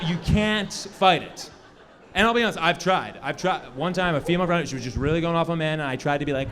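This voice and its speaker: A young male stand-up comic working a club stage into a handheld mic. His voice sits a bit high for a man, and he slips in and out of the people he quotes with quick, self-mocking asides. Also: animated, crowd noise. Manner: self-mocking, quick asides, acts out both sides of conversations. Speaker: stand-up comedian. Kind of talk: stand-up set. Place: comedy club stage with live audience.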